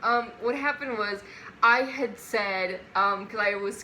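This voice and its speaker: Young female vlogger, chatty and giggly storyteller, slightly high and bright tone. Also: unhurried, slight background noise. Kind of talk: casual storytime.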